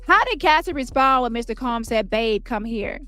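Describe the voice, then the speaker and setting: A woman reading the part of an attorney questioning a witness in court, with brisk, pointed questions and faint music behind. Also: fairly high pitch, animated, a bit bright, clean tone, voice pushed up. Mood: probing.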